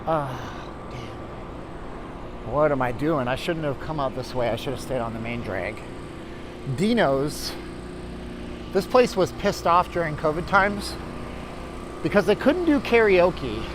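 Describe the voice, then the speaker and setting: A man's voice: on the high side, expressive, slow, long pauses, background noise. Chatty man livestreaming on a street. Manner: chatty, rambling, talks to chat viewers. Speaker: livestream host. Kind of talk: casual walking livestream commentary. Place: outdoors on a city street, walking.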